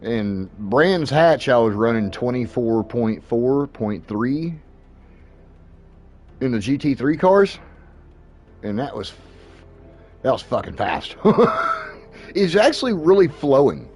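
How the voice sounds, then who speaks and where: A man's voice: mid-range voice, animated, slow pace, long pauses, a little mellow, soft background music. A man casually talking racing tips while playing a racing sim, swearing freely and laughing often. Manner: profane, laid-back, laughs often. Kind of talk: casual gameplay commentary.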